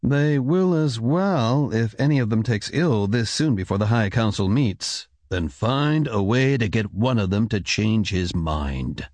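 A man's voice: lowish voice, animated, unhurried, hardly any pauses, darkish tone, no room sound. A man voicing a stern, demanding ruler who speaks curtly and coldly. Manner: curt, commanding.

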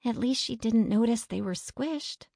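An imaginative young girl, earnest and quick to bristle, put on by a woman reading a storybook. Her voice is lifted above the reader's own. The sound is dry and close. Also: on the high side, animated, warm tone, dry recording, voice pushed up. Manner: earnest, quick to get upset.

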